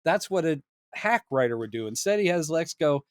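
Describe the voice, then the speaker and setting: A man in a casual film-talk podcast with a somewhat high voice and an animated, laughing delivery. He slips into quick impressions as he talks. The sound is close and dry, with no room around it. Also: dry recording. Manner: animated, acts out quoted lines, laughs often. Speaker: podcast co-host.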